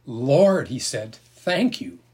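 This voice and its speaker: A shy, awkward boy from a storybook reading who mumbles out short phrases, as a man puts him on. The voice sits a little above the narrator's own and keeps a husky grain. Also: medium pitch, big pitch swings, takes it slowly, a little mellow, exaggerated voice. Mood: grateful.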